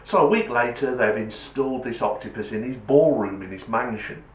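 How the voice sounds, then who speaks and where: A man hosting his channel, telling a joke as a chatty, animated storyteller. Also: medium pitch, normal speed, reverberant, poor audio. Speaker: channel host.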